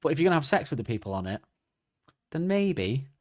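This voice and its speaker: A man's voice: a little high, very animated, brisk. A man co-hosting a comedy podcast in casual chat, who jokes, laughs often and acts out characters. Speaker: podcast co-host.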